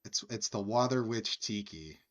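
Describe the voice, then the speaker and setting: A man co-hosting a podcast, telling a rambling bar anecdote in casual chat with frequent restarts. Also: on the low side. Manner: slow, halting anecdote telling with quoted voices. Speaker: podcast co-host.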